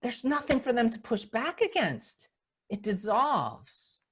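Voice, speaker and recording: Older woman, spiritual teacher, animated storytelling, video call audio. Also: on the high side, slow pace, slightly rough. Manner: animated storyteller, acts out scenes. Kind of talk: storytelling talk on a webinar.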